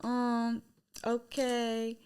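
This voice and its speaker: A woman's voice: a little high, completely flat delivery, drawn-out words, darkish tone, slight background noise. A woman in her twenties, a guest on a casual podcast, talking chattily with lots of fillers and giggles. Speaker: guest, singer and model.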